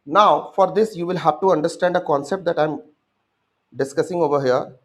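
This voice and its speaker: In this exam-prep lecture, a young man with an Indian English accent and a fairly high voice keeps a moderate pace. He addresses the students directly, performing their answers as he goes.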